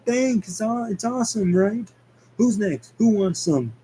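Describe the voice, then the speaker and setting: A man's voice: sits high, animated, a little slow, warm tone, a little hiss or hum, pitched above the performer's own voice, rough recording. A man reading a movie script aloud and voicing a hyper, cocky young male hedgehog hero, squealing and whooping playfully.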